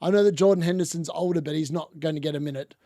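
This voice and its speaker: A man hosting a casual live football watchalong, excitable and shouting when goals go in. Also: a little high, racing, no echo, studio quality. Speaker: watchalong host. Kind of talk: casual live match commentary.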